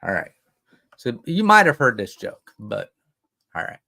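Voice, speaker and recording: A man's voice: medium pitch, wildly swooping pitch, measured pace, gravelly, sharp tone. Man rambling through a dad joke. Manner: folksy, rambling joke-telling. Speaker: livestream co-host. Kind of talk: casual family chat, telling jokes.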